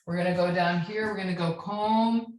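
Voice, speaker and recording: Woman, teacher, patient explaining, lowish voice, echoey room. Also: fairly even intonation, fairly quick, a little mellow. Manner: patient, checks in with "right?" and spells endings out. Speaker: Spanish teacher. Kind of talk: classroom lesson.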